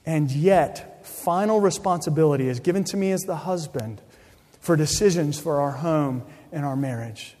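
A middle-aged male pastor preaches with deliberate, emphatic delivery, repeating key phrases for weight. His voice sits a little high for a man. A long reverb of a church sanctuary hangs after each line. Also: warm tone. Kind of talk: sermon. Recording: long reverb of a large hall.

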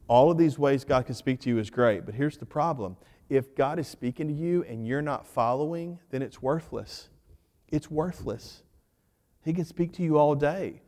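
A man's voice: medium pitch, warm tone. Male pastor, mid-range voice, casual storytelling sermon, long church reverb. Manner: conversational, joking storyteller addressing the congregation.

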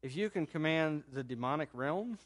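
A man preaching a sermon in a conversational, animated storytelling manner, rising sharply in pitch and loudness at times and dropping to a soft low voice for quoted words. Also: moderate pace. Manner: drops to a soft, low voice when quoting Jesus. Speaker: pastor.

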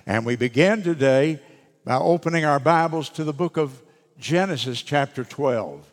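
Man preaching in a reverberant church. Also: fairly high pitch. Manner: deliberate preaching with emphatic pauses. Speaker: pastor. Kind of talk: sermon. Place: church sanctuary. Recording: long reverb of a church hall.

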